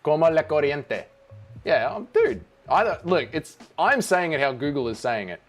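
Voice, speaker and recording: A man's voice: on the high side, very animated, moderate pace, soft background music. A man hosting a casual watch-along livestream, joking around and reading out chat messages. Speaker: livestream host.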